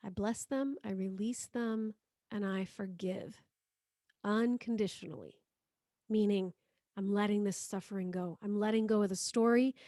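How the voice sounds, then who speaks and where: Woman, spiritual teacher, guided prayer, soft slow repetition, mid pitch, dry sound. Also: fairly even intonation. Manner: soft, slow, repeats phrases for listeners to echo. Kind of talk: guided prayer and healing exercise.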